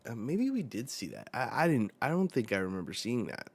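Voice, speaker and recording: A man hosting a casual live reaction while reading a manga chapter aloud. He talks in a relaxed, rambling way with many fillers. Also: mid-range voice, brisk, creaky, husky.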